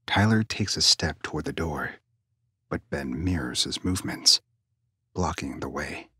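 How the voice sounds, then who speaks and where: A man narrating a suspense story in a hushed, tense manner, often dropping near a whisper. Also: very deep voice, expressive, normal speed, husky, no echo.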